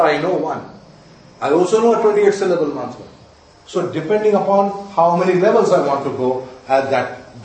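A man with a high-pitched, darkish voice lectures astrology students, pressing his points hard, repeating them, and quizzing the class to be sure they follow. There's a faint hiss or hum, and the room is very echoey with the mic set far away.

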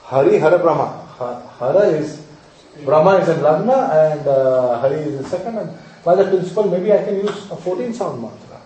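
A man's voice: fairly high pitch, lively intonation, normal speed, mellow, a little hiss or hum. A male astrology teacher lecturing students, emphatic and repetitive, often checking that they follow. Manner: emphatic, repeats key points, quizzes the audience. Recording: very echoey room, mic far off.

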